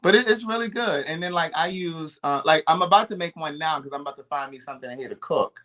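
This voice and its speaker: Bright-voiced chatty man from Baltimore. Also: a little high, fast. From Baltimore, USA. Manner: animated, chatty, laughs often. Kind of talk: casual chat.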